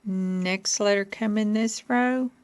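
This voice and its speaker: A woman from Kentucky reading letters off a board one at a time, patiently asking questions and laughing softly now and then. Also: medium pitch, fairly even intonation, slow.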